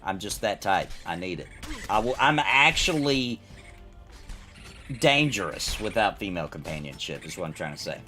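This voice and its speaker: A man's voice: low voice, big pitch swings, normal speed, pushed and bright, faint music behind. A man hosting a casual gaming stream, rambling and joking while reading chat aloud. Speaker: streamer host.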